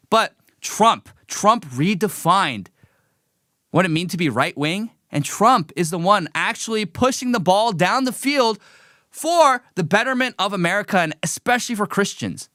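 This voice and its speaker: A man's voice: high-pitched, sharp tone, no room sound, studio quality. A man hosting a live political commentary stream, talking in a heated, emphatic and mocking way.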